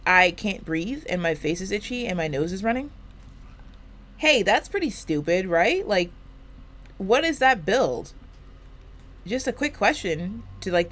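A woman with a slight lisp rambles while she plays a video game. Her pitch swings widely as she complains and swears in a loose, joking way. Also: a bit bright. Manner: rambling, profane, jokey complaining. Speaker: gaming YouTuber. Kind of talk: casual chat while playing a video game.

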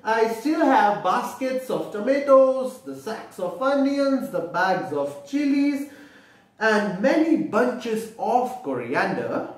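A man voicing a jumpy village farmer in a read-aloud storybook, exclaiming and fretting with a high, lively voice. The sound is distant and heavily echoed in a bare room. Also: slow pace, heavily acted. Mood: musing. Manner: exclaiming, fretful. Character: excitable male village farmer.

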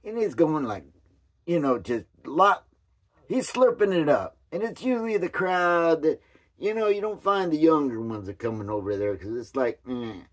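A hoarse man talks through a loose, rambling commentary, wandering off mid-thought and doubling back. His voice sits a little higher than most men's. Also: expressive, normal speed, fairly bright tone. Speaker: commentary vlogger.

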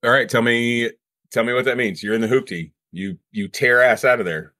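A man's voice: mid-range voice, normal speed, bright, forceful tone, dry recording, studio quality. A man running a tabletop game as game master, setting scenes and asking his player questions.

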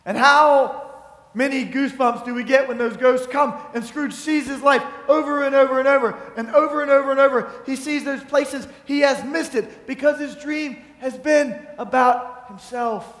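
High-voiced preacher man in echoey church. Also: normal speed, a bit bright. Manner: storytelling, acting out quotes. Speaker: pastor. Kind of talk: sermon. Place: church sanctuary.

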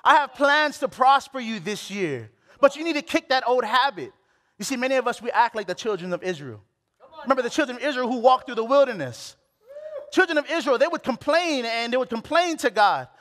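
A man's voice: very high-pitched, animated, fairly quick, a bit bright, in a large hall. A man preaching a sermon, candid and self-deprecating, often repeating phrases for emphasis. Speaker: pastor.

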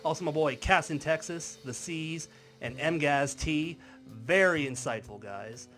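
A man's voice: on the high side, unhurried, fairly bright tone, faint music behind. A man delivering a commentary video in a wry, sarcastic manner. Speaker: YouTube commentary creator. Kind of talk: commentary vlog.

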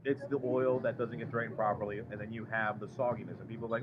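An excitable man hosting a live food taste test in a restaurant, gushing and tripping over his words. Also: mid-range voice, fast. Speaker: podcast host doing a live food review. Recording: muffled live stream with background noise.

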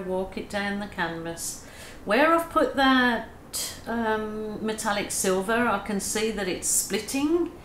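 An expressive, mid-range voice with a fairly bright tone belongs to an Australian woman, an acrylic pouring artist, who coaches slowly and with few pauses through a casual painting tutorial. She's soothing and self-deprecating. The room echoes, with faint ambience and slight background noise.

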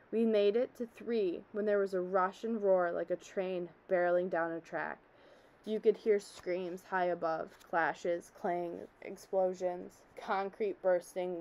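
A woman's voice: fairly low pitch, darkish tone, poor audio. A woman reading a story aloud, telling it as a man who survived a disaster, in an earnest, haunted way. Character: middle-aged man, former office worker, shaken survivor.

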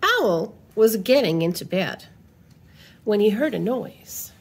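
A woman reads a children's picture book aloud at a slow, unhurried pace. Her voice rises and falls expressively. There is a slight husky edge to it. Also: medium pitch. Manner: slow, expressive storybook reading. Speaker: children's library storyteller.

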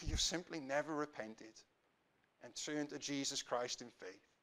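A man with a Welsh accent preaching a sermon in church, swelling to fervent emphasis and sinking to quiet prayer. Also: medium pitch, unhurried. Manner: rises to impassioned emphasis, then drops to quiet prayer.

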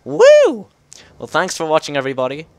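A man giving an excitable, cursing commentary while playing a video game, breaking into loud yells. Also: fairly low pitch, moderate pace, no room sound. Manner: excitable, swears, bursts into yells. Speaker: gameplay video host. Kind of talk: let's play commentary. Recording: game music clearly behind the voice. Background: game music and sound effects.

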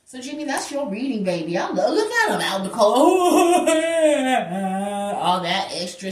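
A woman's voice: on the high side, moderate pace, distant mic. A woman giving a spiritual tarot reading in a sassy, preacher-like way. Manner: animated, sassy, preacher-like, acts out voices in quotes. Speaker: tarot reader. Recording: echoey room, voice from off-mic.

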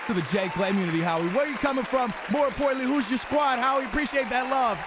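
A young man livestreaming a football video game, casually chatting with viewers, shouting them out and teasing them. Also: very high voice, quick pace, few pauses. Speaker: live streamer playing a football video game. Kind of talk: casual livestream chat, reading chat aloud. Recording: home stream with game crowd noise. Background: game stadium crowd and commentary.

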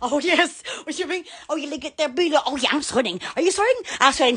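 Woman hosting a livestream, loud and goofy, high and bright, voice leaping around. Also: lively intonation, fast talker, hardly any pauses. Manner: loud, silly, shrieking with laughter. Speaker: online shop seller on a livestream. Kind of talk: excitable livestream product chat.

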